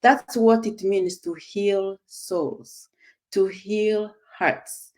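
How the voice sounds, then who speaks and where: A woman's voice: medium pitch, extremely slow, darkish tone. A woman responding in a group conversation, affirming and prayerful, praising the other speaker. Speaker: company supporter in a group conversation.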